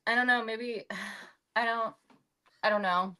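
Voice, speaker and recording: A woman's voice: fairly high pitch, steady tone, takes it slowly, pushed and bright. A woman co-hosting a casual pop culture podcast who speaks bluntly and sardonically, often answering with short replies. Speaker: podcast co-host.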